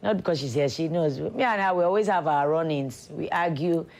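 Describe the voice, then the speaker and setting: A woman's voice: deep voice, a little fast, darkish tone. A middle-aged woman, an actress turned politician, speaking candidly and reflectively in an interview. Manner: candid, reflective, laughs often. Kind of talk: personal documentary interview.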